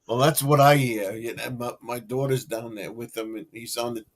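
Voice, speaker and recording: A man's voice: mid-range voice, steady tone, normal speed. A middle-aged man hosting a live stream, chatting casually and rambling through stories about his family. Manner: rambling, loud when quoting others. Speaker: stream host. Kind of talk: casual chat.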